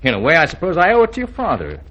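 Cocky young suitor played by a man, husky, lively pitch, radio play. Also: racing, full character voice, poor audio. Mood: teasing. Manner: breezy, wisecracking. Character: brash young male suitor, cocky and teasing.

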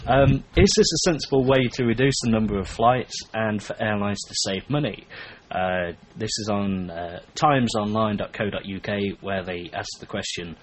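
A man's voice: lowish voice, normal speed, few pauses. A man co-hosting a podcast, chatting in a joking, self-mocking way with hesitant fillers. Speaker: podcast co-host. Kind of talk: casual chat.

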